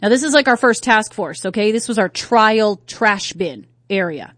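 A woman's voice: medium pitch, lively intonation, moderate pace, a bit bright, dry recording, clean studio sound. A woman from North Carolina hosting a talk radio show, chatting casually and asking her listeners rhetorical questions. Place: radio studio. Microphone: studio microphone.

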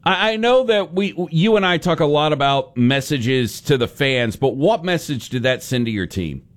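A man hosting a sports radio show, interviewing a guest in a casual, halting way. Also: on the high side, animated.

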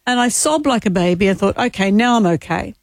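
A woman's voice: medium pitch, animated, brisk, no room sound, studio quality. An Australian woman in her sixties co-hosting a radio show, talking emotionally and openly in casual chat, with frequent restarts. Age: 60s. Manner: emotional, sharing grief openly, trailing restarts. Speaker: radio co-host. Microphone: studio microphone.

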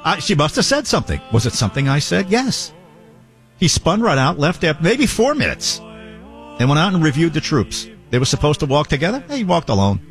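A man's voice: a little high, very animated, a little fast, soft background music. Guy hosting a talk show, joking around about politics, voice jumps all over. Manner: joking, mocking impressions. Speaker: radio show host. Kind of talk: comic political commentary.

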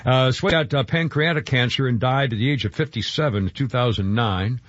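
A man's voice: mid-range voice, brisk, no room sound. A man hosting a radio show, chatting in a rambling way and stumbling over his words. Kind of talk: morning radio chat. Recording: dull, dry radio broadcast.

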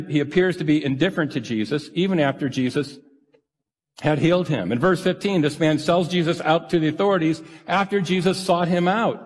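A male pastor giving a sermon in an earnest, conversational, self-deprecating way. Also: on the high side. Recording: reverberant church hall.

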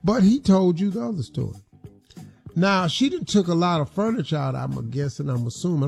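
Gravelly, lively male radio host. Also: fairly high pitch, moderate pace, faint music behind. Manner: animated, emphatic storytelling. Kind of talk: talk radio commentary.

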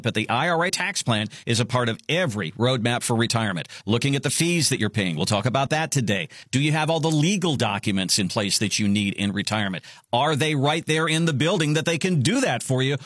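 A man's voice: mid-range voice, fairly bright tone, dry recording, studio quality. A man co-hosting a financial radio show, reading promotional plugs and throwing questions to his partner. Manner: upbeat promotional delivery, repeats website slowly.

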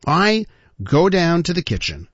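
A man with a slightly high voice hosts a talk radio show, his pitch leaping around as he tells a story. The sound is dry and a little dull, as if heard on a radio broadcast. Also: a little slow, dry recording. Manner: animated, addresses listeners as ladies and gentlemen.

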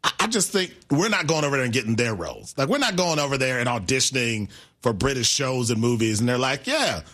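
Bright-voiced, halting radio co-host man. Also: mid-range voice, animated. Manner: halting, self-interrupting, laughs easily. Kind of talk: casual sports radio banter. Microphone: studio microphone.

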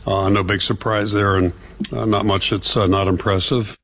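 An older man, a football head coach, speaking at a press conference in a measured, halting way. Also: fairly low pitch, little pitch movement, fairly bright tone.

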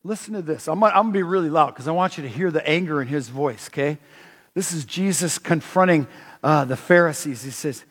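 Emphatic male preacher, high-pitched, sermon ringing through a large hall. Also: fairly quick, slightly rough. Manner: animated, emphatic, many restarts.

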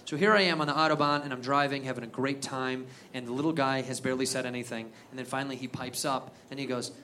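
A male stand-up comedian, telling a loud, profane, animated story. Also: mid-range voice, quick pace, hardly any pauses. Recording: live club with crowd laughter and noise.

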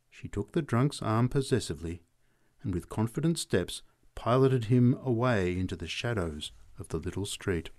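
A man's voice: fairly low pitch, normal speed. A man reading short stories aloud as narrator, acting out voices. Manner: expressive, acts out voices.

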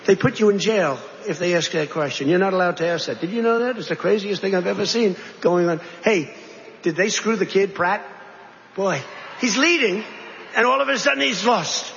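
Male politician, high voice, digressive and repetitive delivery, long hall echo, dull lo-fi sound. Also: moderate pace, a little hiss or hum. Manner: digressive, repetitive, conversational asides. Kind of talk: rambling political speech.

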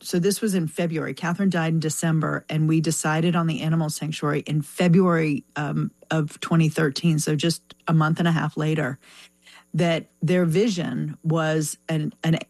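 A woman's voice: sits low, little pitch movement, moderate pace, dry recording. A woman talks as an interview guest, reflective and often restarting her sentences. Her voice is recorded close and dry, with no room sound around it. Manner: warm, reflective, with restarts and fillers. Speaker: foundation representative, interview guest. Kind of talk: conversational interview.

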